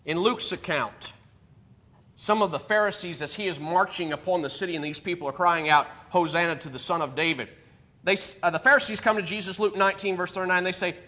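A man teaching a Bible class, animated, acting out quoted speech and thinking aloud with restarts while checking his notes. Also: high voice, fast. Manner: animated, acts out quoted speech with rising emphasis.

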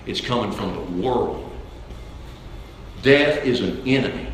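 A man's voice: lowish voice, animated, takes it slowly, a little hiss or hum. A man preaching a sermon with emphasis, repeating key phrases to drive them home. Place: church sanctuary. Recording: very echoey church hall.

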